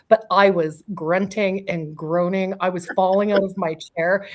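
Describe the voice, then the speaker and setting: A middle-aged woman, a medium and guest, telling a personal story in a casual interview. She laughs often, swears offhandedly and acts out quotes. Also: mid-range voice.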